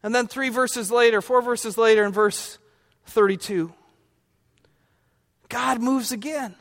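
Very high-voiced pastor in reverberant church. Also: male voice. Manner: conversational, quizzes the congregation, humorous asides. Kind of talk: sermon.

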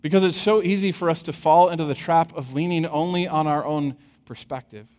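A man preaching a sermon, retelling a scripture story with an animated, chuckling storytelling manner and addressing the congregation directly. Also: a little high, brisk. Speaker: pastor. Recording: long hall reverb.

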